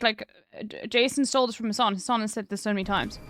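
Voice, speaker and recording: A woman's voice: mid-range voice, quick pace, a bit bright. A woman streamer chatting casually, blunt and laughing, swearing freely.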